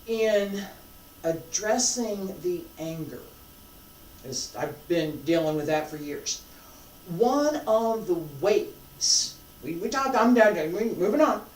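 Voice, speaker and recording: A martial arts instructor teaching a live class, emphatic and repetitive, swinging between loud and hushed. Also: medium pitch, expressive, slow pace, a little hiss or hum. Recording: roomy sound from a distant mic.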